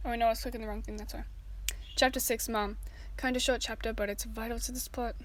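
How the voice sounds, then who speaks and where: A woman's voice: a little high, level tone, fast talker, poor audio. A woman reading a fan story aloud in a casual way, with apologetic asides. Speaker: fanfiction reader.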